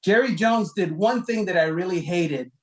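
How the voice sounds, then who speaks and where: A man co-hosting a casual sports talk show, counting down a list with lively, emphatic delivery and rhetorical questions. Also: moderate pace, rough recording. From Cuban heritage, raised in South Florida. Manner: animated, rhetorical questions, emphatic pitch jumps.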